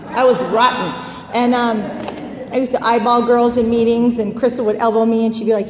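Brief: woman, higher voice, lively storyteller, recorded in a roomy reverberant hall. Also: brisk, a little hiss or hum. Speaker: speaker sharing her recovery story. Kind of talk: personal testimony talk. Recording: roomy hall with long echo.

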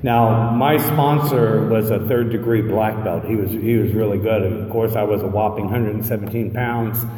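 A man in his fifties speaks at a recovery meeting, sharing his recovery story with a crowd. His voice is fairly low and dark, at a normal pace with few pauses, though he stammers through restarts and acts out what other people said. The mic sits at a distance in an echoey hall.

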